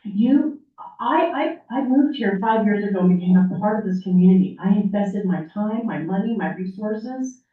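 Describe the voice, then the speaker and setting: A woman's voice: mid-range voice, moderate pace. An older woman making an upset, emphatic public comment at a city meeting, pleading with the officials. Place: city council chamber. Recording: echoey room mic, heard from far off, dull.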